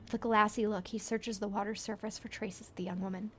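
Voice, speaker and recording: A woman's voice: mid-range voice, little pitch movement, fast, fairly bright tone, a little hiss or hum. A woman reading an interactive story aloud, adding playful joking comments and laughing often. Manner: playful, laughs often, jokes between read passages.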